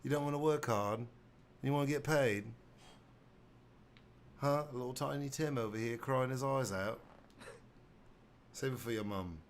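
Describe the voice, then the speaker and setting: A man's voice: mid-range voice, unhurried, long pauses, slight background noise, voice pushed up, close to an everyday voice. A man putting on a British accent to play a stern, scolding male boss. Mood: mocking. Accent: put-on British. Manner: blunt, bossy, mocking.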